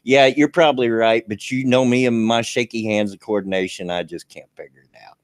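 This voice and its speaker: A man's voice: medium pitch, fairly even intonation, a little fast, no echo, studio quality. A man, hosting a live stream in a folksy, rambling way with many fillers and restarts. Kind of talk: casual chat.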